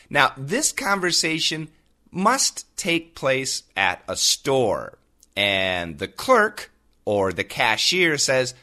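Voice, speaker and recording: Slow, lively American English coach. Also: male voice, fairly high pitch. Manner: slow, clear and upbeat, repeating phrases to teach them. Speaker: English teacher. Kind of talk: podcast lesson.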